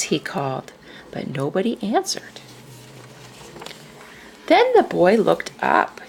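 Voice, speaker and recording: A woman reading a children's picture book aloud in a slow, expressive way. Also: fairly low pitch, creaky, a little hiss or hum. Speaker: storyteller.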